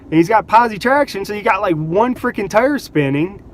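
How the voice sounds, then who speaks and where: A man vlogging, telling casual stories in an animated way, laughing between anecdotes and acting out what people said. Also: high voice, moderate pace, a little hiss or hum. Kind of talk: casual storytelling.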